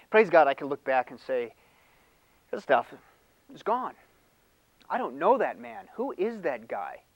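An older man preaching a sermon in an animated, conversational way, laughing and acting out mock voices. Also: mid-range voice, no echo, poor audio. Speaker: pastor.

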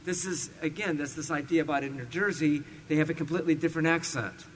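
A man's voice: fairly high pitch, slight background noise. Man preaching in a reverberant hall. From California. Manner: slow deliberate scripture reading with emphatic stresses. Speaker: pastor. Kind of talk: expository sermon. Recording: long reverb in a large hall.

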